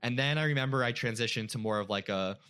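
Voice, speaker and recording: A man's voice: mid-range voice, fast, bright, forceful tone, smooth. A young man, a podcast guest, telling an emotional personal story in casual chat, full of filler words.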